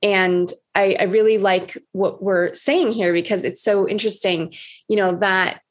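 A woman coach talking openly in a relaxed conversation. She is frank and swears freely, and she acts out the things she once said to herself. Her voice sits at an ordinary middle pitch. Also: unhurried. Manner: candid, swears freely, acts out her own past words. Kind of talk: casual conversation.

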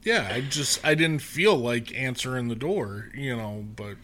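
A man's voice: medium pitch, a little slow, fairly bright tone, slight background noise. A middle-aged man co-hosting a podcast, in laid-back chat, swearing often and telling stories with a laugh. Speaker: podcast co-host. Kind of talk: casual chat.

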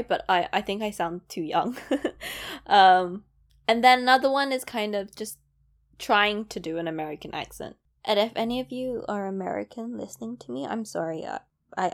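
A young woman and aspiring voice actor, talking casually to camera in a chatty, self-deprecating way, laughing often. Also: mid-range voice.

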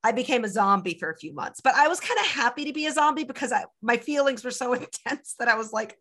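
A woman hosting a podcast, chatty and high energy, who laughs often in casual conversation. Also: animated, fast talker, fairly bright tone. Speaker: podcast host.

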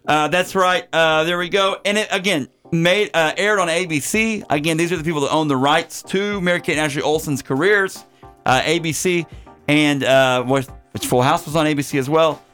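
A man's voice: on the high side, moderate pace, fairly bright tone, clear, resonant tone, faint music behind. A man hosting a comedy podcast about bad movies, chatting casually and rambling through credits with jokes and many fillers. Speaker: podcast host. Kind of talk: casual chat.

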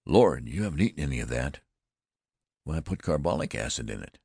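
A man voicing an older frontier plainsman, blunt and plain-spoken, with anxious haste in his quick words. The voice is very deep and gravelly, recorded dry and close for an audiobook. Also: expressive, darkish tone, dry recording, heavily acted. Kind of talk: audiobook character voice.

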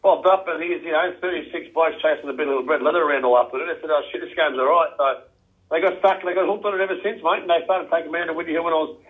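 A man's voice: fairly high pitch, very fast. A man with an Australian accent, a guest in a casual chat, who keeps dropping "mate" into his sentences. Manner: chatty, says "mate" constantly. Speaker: guest, former football coach. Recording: tinny phone line.

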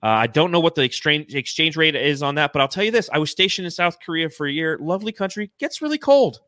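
Podcast host, male, bright forceful voice, excited and profane, dry close mic. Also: a little high, fast talker, no echo. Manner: excited, swears freely, reads donations aloud. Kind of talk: casual fan podcast chat.

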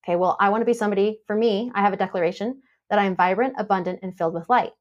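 A woman on a podcast, coaching and telling a story with lively quoted voices. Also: mid-range voice, rapid-fire, dull audio. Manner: animated storytelling, acts out quoted dialogue. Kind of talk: casual podcast conversation.

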